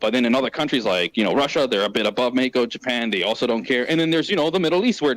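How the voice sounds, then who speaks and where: A man hosting a gaming podcast rattles on in a quick, animated way. He is profane and full of slang, and he jumps between tangents. His voice rises and falls a lot. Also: medium pitch, low-quality recording. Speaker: podcast host. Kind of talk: casual chat.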